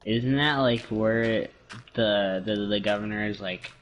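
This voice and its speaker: A man's voice: lowish voice, unhurried, a little hiss or hum, poor audio. A man from Canada in a casual gaming chat, joking, teasing and rambling.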